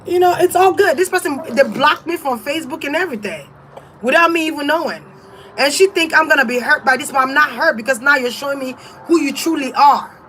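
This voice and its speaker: A woman's voice: high-pitched, brisk, bright, forceful tone, a little hiss or hum. Blunt, profane woman tarot reader. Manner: blunt, profane and defiant, laughs often. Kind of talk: casual livestream rant.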